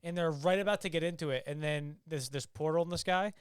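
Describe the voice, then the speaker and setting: A man's voice: on the high side, quick pace, clean tone, dry recording. A young man co-hosting a podcast, chatting casually and animatedly, swearing and acting out scenes. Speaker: podcast co-host. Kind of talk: casual chat.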